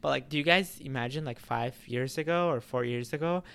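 A man vlogging straight to his audience, his voice smooth and clear at a middling pitch. He rambles in a relaxed way, circling back with fillers and restarted phrases as he thinks aloud. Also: a little fast. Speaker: YouTuber. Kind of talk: casual vlog talk to camera.

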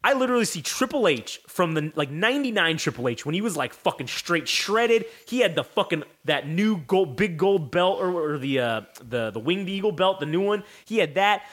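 Animated, profane young man telling a story. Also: high voice, normal speed, few pauses. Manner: animated, profane, acts out voices in his story. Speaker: podcast host. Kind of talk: casual storytelling.

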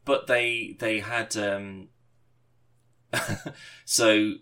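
A man, a podcast co-host, chatting casually and telling a rambling, animated story with swearing and laughter. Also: lowish voice, very slow, clean tone. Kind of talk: casual chat.

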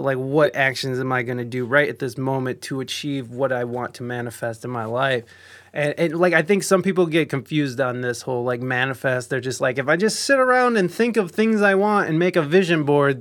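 A man's voice: mid-range voice, a bit bright. A man hosting a casual chat, laid-back and enthusiastic, reading out viewer comments. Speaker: host.

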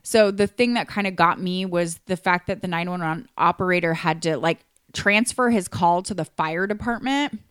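A woman's voice: fairly low pitch, normal speed, few pauses, smooth, no echo, studio quality. A woman casually recounting a true crime case on a podcast, chatty, with lots of restarts and fillers. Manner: chatty, many likes and restarts. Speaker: podcast co-host.

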